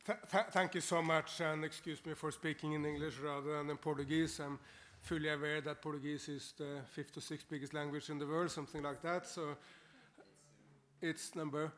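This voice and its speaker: A middle-aged man with a Norwegian accent gives a formal speech in a parliament chamber. His voice sits a little high for a man. He sounds upbeat and often repeats a word as he goes. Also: little pitch movement, normal speed, fairly bright tone, a little hiss or hum. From Norway. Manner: upbeat, repeats words while searching for them. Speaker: guest speaker.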